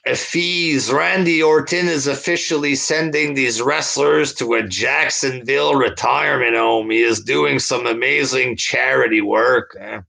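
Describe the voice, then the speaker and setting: A man's voice: medium pitch, fairly even intonation, measured pace, creaky, few pauses, sharp tone. A man hosting a stream, reading viewer comments aloud and answering them with a crude, scornful rant. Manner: crude, scornful, fillers like "like" and "there". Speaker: host reading viewer chat. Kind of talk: profane rant reading live chat.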